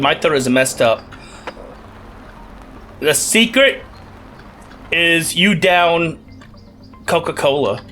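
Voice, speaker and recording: Lively, bright-voiced male game commentator. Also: a little high, a little hiss or hum. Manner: joking, rambling, playful asides with laughs. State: recovering from a cough. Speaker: gaming channel host. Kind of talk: casual let's play commentary.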